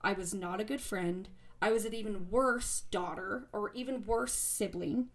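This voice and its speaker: A young woman talking casually at home, blunt and frank, swearing freely and rambling through fillers and restarts. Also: a little high. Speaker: former bodybuilding competitor. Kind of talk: casual monologue to camera. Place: at home, relaxing.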